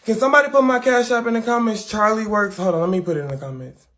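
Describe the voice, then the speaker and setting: This livestream host speaks fast, his voice sitting high with a sharp edge. He's a man casually chatting with viewers, loud-mouthed, swearing freely and never short of words.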